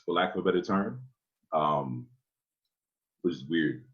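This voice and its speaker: Male guest poet: low natural bass, relaxed anecdotal delivery, muffled lo-fi sound. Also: takes it slowly, pauses often. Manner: laid-back storytelling, laughs at himself. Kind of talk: casual podcast chat.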